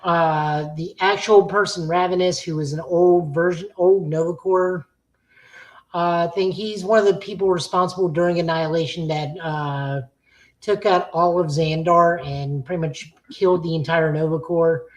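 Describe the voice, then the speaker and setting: A woman's voice: on the low side, fairly even intonation, normal speed, rough recording. A woman co-hosting a podcast, giving casual, blunt, opinionated takes on comic books with frequent fillers. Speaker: podcast co-host. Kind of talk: casual comic-book review chat.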